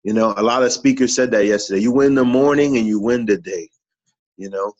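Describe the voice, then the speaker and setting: A man's voice: on the low side, brisk, darkish tone, highs cut off. A man who is a regular on a morning talk show, giving an earnest, repetitive motivational talk in a preachy way.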